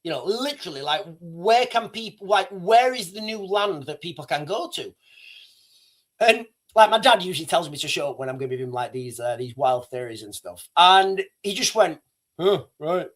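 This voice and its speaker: A man's voice: sits high, expressive, moderate pace, a bit bright. A man hosting a casual livestream, talking in a rambling way with many restarts and fillers. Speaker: livestream host.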